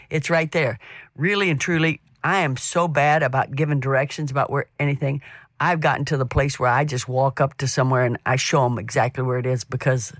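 A woman's voice: low voice, dry recording, studio quality. A middle-aged woman hosting a devotional radio talk, telling homey stories in a chatty, anecdotal way. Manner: chatty and anecdotal, warm storytelling with restarts. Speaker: radio program host.

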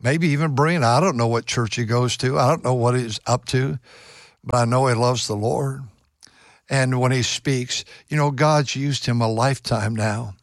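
A man's voice: medium pitch, steady tone, normal speed, no room sound, clean studio sound. An older man, a pastor giving an earnest radio devotional sermon, often restarting and repeating his words. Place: church pulpit.

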